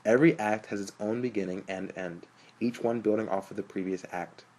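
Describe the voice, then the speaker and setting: A man's voice: on the low side, fairly even intonation, brisk, darkish tone, natural voice, low-quality recording. A man voicing a confident male film professor lecturing a class in an audiobook. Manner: explanatory lecturing, wry. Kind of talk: audiobook narration.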